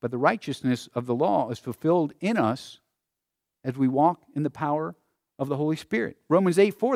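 A man's voice: fairly high pitch, animated, normal speed, creaky, darkish tone, dry recording, studio quality. A male pastor preaching a sermon and reading Scripture aloud, building to emphatic, rising peaks.

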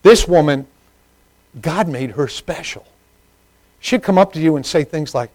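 A middle-aged man preaching a sermon, moving from hushed personal stories to loud, emphatic preaching. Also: fairly high pitch, lively intonation, measured pace, long pauses, no echo, low-quality recording.

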